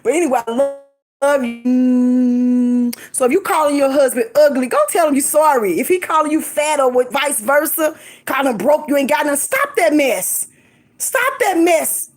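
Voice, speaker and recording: High-voiced woman preaching encouragement. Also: normal speed. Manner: lively and emphatic, laughs often, swoops up and down in pitch. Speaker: faith vlogger.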